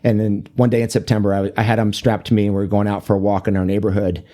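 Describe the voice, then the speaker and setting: A man's voice: lowish voice, little pitch movement, fast talker, dark tone. A man speaking as a guest on an interview podcast about fatherhood, talking casually and rambling with many fillers and restarts. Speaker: fatherhood coach and author, guest.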